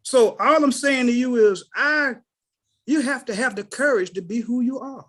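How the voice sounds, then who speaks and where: A man's voice: very high voice, moderate pace. A middle-aged man, telling personal stories on a group call and acting out the voices of the people in them. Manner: animated storyteller who acts out quoted voices. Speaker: call participant. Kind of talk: casual spoken testimony.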